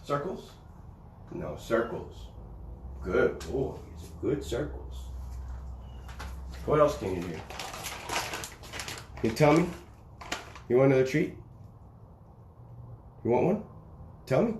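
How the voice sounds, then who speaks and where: A man's voice: mid-range voice, big pitch swings, slow pace, long pauses, a little mellow, a little hiss or hum. A man chatting casually on a live stream, coaxing his dog in a playful sing-song way. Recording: echoey, roomy sound with faint ambience.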